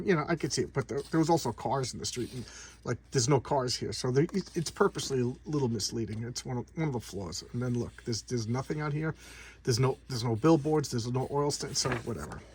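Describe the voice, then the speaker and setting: With a quick pace and a mid-range, darkish voice, a man chats casually as a comic book reviewer, recapping a comic's story. He rambles with enthusiasm, repeats words often, and uses lots of fillers, over a slight hiss or hum.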